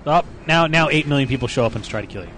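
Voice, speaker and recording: Man hosting a game stream, mid-pitched, excitable, faint noise behind. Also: fast. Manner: excitable, reacts loudly to gameplay. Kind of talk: casual live gaming commentary.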